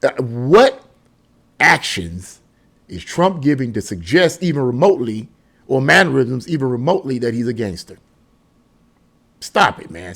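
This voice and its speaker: A man's voice: medium pitch, creaky. A man giving casual, rambling opinion commentary on a vlog, chatty and often chuckling. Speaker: political commentary vlogger.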